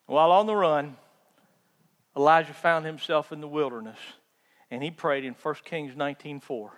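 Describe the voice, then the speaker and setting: A high-pitched male preacher delivering a lively sermon, building to loud emphatic bursts and dropping to quiet asides. His voice rings with the long reverb of a large hall. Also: normal speed. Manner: animated storytelling, acts out voices, swings from loud to hushed. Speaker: pastor.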